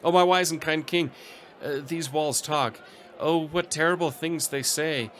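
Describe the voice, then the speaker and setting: A man's voice: fairly high pitch, measured pace, fairly bright tone, a little hiss or hum, voice pushed up. A man voicing a nervous female servant who spills secrets in a breathless, pleading way. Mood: anxious gossip.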